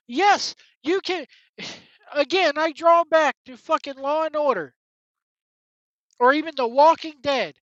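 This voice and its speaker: A woman's voice: high-pitched, unhurried, a bit bright, no echo. A woman hosting a wrestling talk show, delivering a blunt, profane, exasperated solo rant. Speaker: wrestling commentary host. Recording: dull, dry lo-fi sound.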